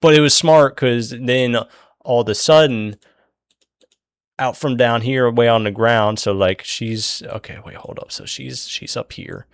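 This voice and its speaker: A man's voice: mid-range voice, measured pace, clean tone, no room sound, clean studio sound. A young man casually retelling a story while he draws it, rambling, swearing and losing his place.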